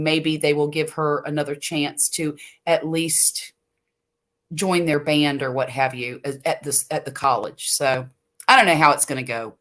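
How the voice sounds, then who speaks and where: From her home, an older Gulf Coast woman in the US runs a late-night livestream, reading out viewer comments in a slow, rambling, casual chat full of easy laughter. Her voice sits low but has a touch of brightness.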